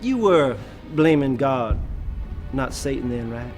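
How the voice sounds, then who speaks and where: An actor playing a slick defense lawyer who questions a witness in court. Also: male voice, medium pitch, animated, takes it slowly, a little mellow, faint music behind. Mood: probing. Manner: smooth, probing, mocking. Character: slick male defense lawyer cross-examining.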